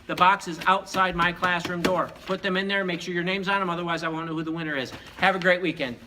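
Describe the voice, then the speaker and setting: A man's voice: high-pitched, fairly even intonation, quick pace, background noise. A man, a teacher, telling long joke stories during school announcements in a playful, rambling way. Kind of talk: joke storytelling.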